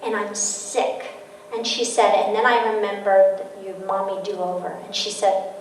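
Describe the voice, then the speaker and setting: A woman giving a parenting talk as an author, telling lively stories and acting out the quotes in them. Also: medium pitch, unhurried, slight background noise. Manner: lively storytelling, acts out quotes. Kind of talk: public lecture. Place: large hall with audience. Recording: echoey hall, distant mic.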